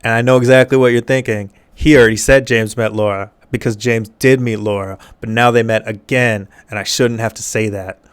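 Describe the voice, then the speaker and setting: A man with a smooth, resonant voice at a middle pitch, dryly summarizing a film scene by scene. His delivery is sarcastic and deadpan, with quick mock impressions of the characters. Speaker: movie reviewer. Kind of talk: comedic movie plot recap.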